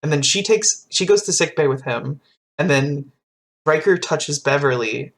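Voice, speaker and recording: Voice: medium pitch, lively intonation, measured pace, a bit bright. A podcast co-host rambling through a TV episode recap in casual chat, swearing and quoting characters.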